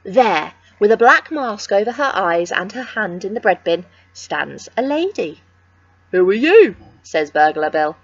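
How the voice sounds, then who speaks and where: A woman's voice: medium pitch, animated, unhurried, hardly any pauses, a bit bright. A woman reading a storybook aloud, her voice rising and falling in a sing-song way. The sound is a little muffled, with no room echo. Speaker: children's book reader.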